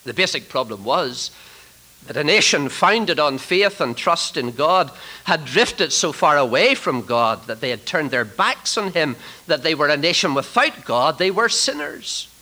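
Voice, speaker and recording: A man preaching a sermon to trainee ministers, swinging from loud emphatic declarations to hushed, near-whispered lines. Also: fairly high pitch, animated, a little slow, low-quality recording.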